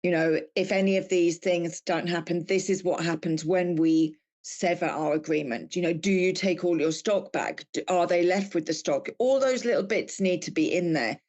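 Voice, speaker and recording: A woman's voice: lowish voice, moderate pace, few pauses, darkish tone. A woman with an English-tinged accent chatting casually about business as a podcast guest, with plenty of fillers and restarts.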